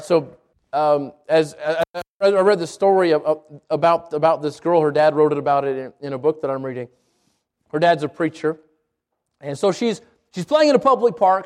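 High-voiced man preaching a sermon. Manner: repeated rhetorical questions with stammered restarts. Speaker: pastor.

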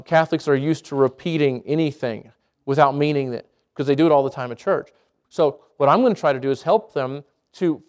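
A man's voice: a little high, clear, resonant tone. A man preaching and teaching how to share faith, earnest and conversational, acting out example prayers. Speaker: pastor teaching evangelism. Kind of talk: sermon teaching.

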